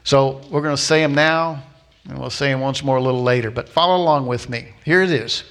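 A man preaching a sermon as a pastor, telling a story with lively acted-out voices and repeating key lines slowly for emphasis. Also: medium pitch, clean tone. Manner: animated storytelling, acting out voices of people in the story.

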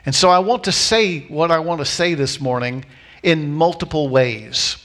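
A man preaching a sermon with a slightly higher voice than most men. He tells the story with energy, acting out the voices of its people, and slows down to repeat his key lines for emphasis. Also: fairly bright tone. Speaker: pastor.

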